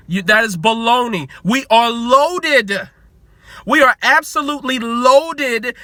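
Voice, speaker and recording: A man's voice: extremely high pitch, a little slow, pushed and bright, no room sound. A man in his twenties, a sports vlogger, ranting in heated commentary with repeated rhetorical questions and free swearing.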